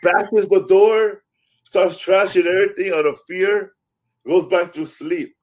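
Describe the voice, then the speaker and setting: This male stand-up comic has a high voice and speaks at a measured pace. Chatting casually, he spins stories with lively energy, performing the quotes and cursing without restraint.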